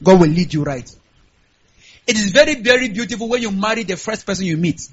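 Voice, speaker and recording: High-pitched Nigerian pastor preaching. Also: male voice, a little fast, slightly rough, muffled recording. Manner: animated preaching, frequent hallelujahs. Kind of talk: sermon.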